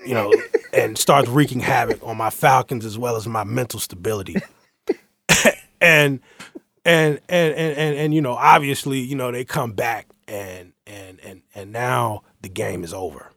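A man telling a long story in casual chat, acting out the quotes with sudden loud, high outbursts. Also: a little slow, gravelly, dry recording, studio quality. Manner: lively, acts out quotes with big jumps in pitch and volume.

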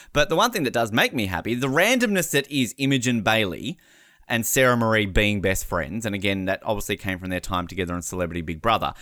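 A man co-hosting a casual podcast chat, swearing freely and acting out people in loud bursts. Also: on the low side, no room sound, studio quality. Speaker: podcast co-host.

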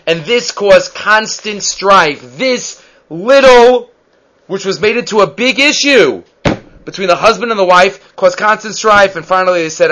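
Rabbi giving a Torah class, an animated storyteller with a high, bright voice. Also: male voice, unhurried, low-quality recording. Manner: animated storyteller, acts out voices, mixes in Hebrew terms. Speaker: rabbi teaching the weekly Torah portion.

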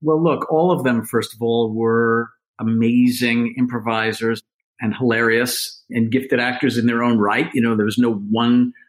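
A man's voice: mid-range voice, unhurried, low-quality recording. A middle-aged actor, a man, chatting as an interview guest, telling loose, self-mocking anecdotes. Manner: rambling, self-mocking, animated storytelling. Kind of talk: casual interview chat.

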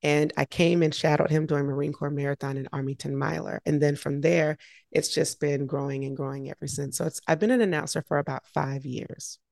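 A woman guest, a triathlete and race announcer, telling her story in an energetic, animated way. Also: low voice, a little fast, creaky, no echo, studio quality. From United States.

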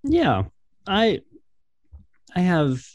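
A man's voice: high-pitched, wildly swooping pitch, very slow, darkish tone, dry recording. Upbeat man hosting a faith podcast. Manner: upbeat, playful, with restarts. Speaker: podcast co-host. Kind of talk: casual faith podcast chat.

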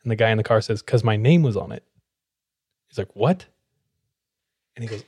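A man's voice: fairly low pitch, moderate pace, pauses often, husky, no echo. A man, a podcast co-host, casually telling a story and acting out the lines of the people in it. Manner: animated, acts out quoted dialogue.

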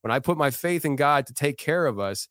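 A man's voice: on the high side, expressive, a little fast, a bit bright, dry recording, clean studio sound. Earnest man telling a heartfelt story. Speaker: podcast guest. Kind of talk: casual podcast conversation. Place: podcast studio.

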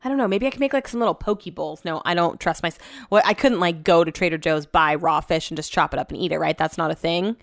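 At home indoors, a young woman vlogger chats casually through a rambling storytime video. Her voice sits on the low side and moves fast, and she's frank and loose with her swearing.

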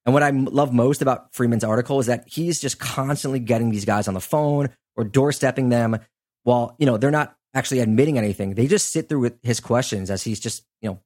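A man's voice: mid-range voice, brisk, darkish tone. Chatty male podcast host telling a story. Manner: conversational, chatty, lots of "like" and "you know" asides. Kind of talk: casual storytelling chat.

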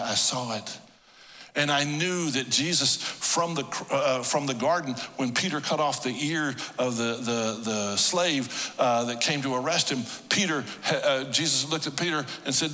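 A middle-aged male pastor preaching a sermon, telling stories with emotion that swings from hushed to loud. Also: mid-range voice, long reverb tail. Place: church hall.

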